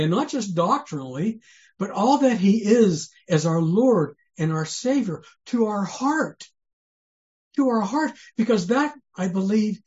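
A man's voice: high-pitched, darkish tone. A man preaching a sermon in an earnest, conversational way. He asks many rhetorical questions and often restarts his sentences. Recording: dull lo-fi sermon recording.

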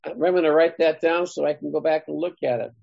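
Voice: mid-range voice, fairly even intonation, a little fast, gravelly, highs cut off, a little hiss or hum. A Bible study leader reading scripture to a group, thinking aloud and asking the group for their thoughts.

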